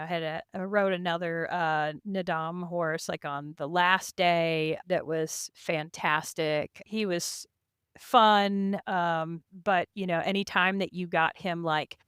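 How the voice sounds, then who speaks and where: Chatty woman guest, low-ish, very smooth clear tone, laughs often. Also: slow pace, a bit bright, no room sound, studio quality. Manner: chatty, laughing, full of "you know" and "like". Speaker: podcast guest, endurance race rider. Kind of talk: casual interview storytelling.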